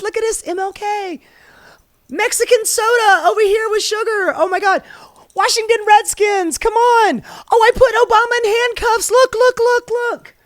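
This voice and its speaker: A man voicing a frantic, showy male politician who waves shiny distractions around, high and shouting. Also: no echo, clean studio sound. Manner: shrill, overexcited, shouting.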